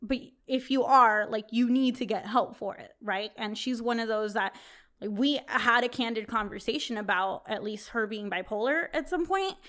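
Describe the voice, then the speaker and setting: A young woman co-hosting a chat, telling a story in a lively way, swearing freely and laughing often. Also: a little high, normal speed.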